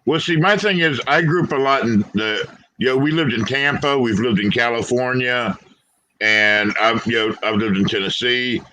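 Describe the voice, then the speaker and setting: A man from Florida with a Southern accent, hosting a casual chat and rambling with many fillers; he has no teeth but speaks clearly. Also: medium pitch, normal speed, bright, forceful tone, no room sound, low-quality recording. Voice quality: toothless. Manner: rambling, frequent "you know" fillers. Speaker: host.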